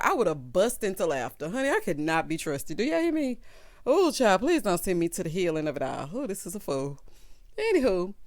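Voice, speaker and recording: A woman giving a casual, animated reality TV recap and laughing loudly. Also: medium pitch. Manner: animated, laughs loudly, Southern-style slang like "child" and "honey".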